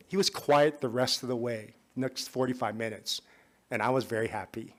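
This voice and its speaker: Hombre que cuenta una historia en tono de confidencia. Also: male voice, mid-range voice, moderate pace. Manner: conversational, often drops to a soft confiding tone. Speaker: conference speaker. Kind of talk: personal story in a talk. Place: conference hall.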